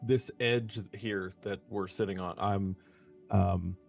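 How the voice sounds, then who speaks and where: A man's voice: low voice, fairly even intonation, takes it slowly, vocal fry, soft background music. A man playing a tabletop game, speaking in character in a wry, rambling way. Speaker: player.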